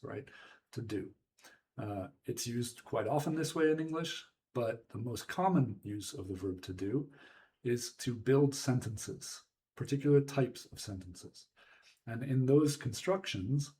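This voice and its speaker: Guy teaching english at home, low mellow voice, laid back, keeps asking right?. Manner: relaxed, checks in with "right?". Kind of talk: casual spoken lesson. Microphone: home video microphone.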